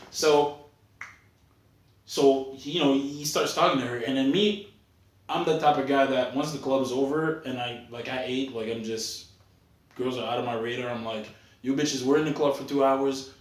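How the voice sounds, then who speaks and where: A man's voice: mid-range voice, moderate pace. A man co-hosting a podcast, telling a story in casual, profane chat and acting out the other people's lines. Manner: profane, animated, acts out quoted voices. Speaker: podcast co-host. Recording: echoey room.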